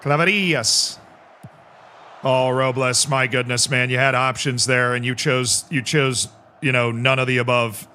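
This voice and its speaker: A man streaming a football management game live, reacting excitably to the match and joking with his chat. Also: mid-range voice, moderate pace, smooth. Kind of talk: live gameplay commentary.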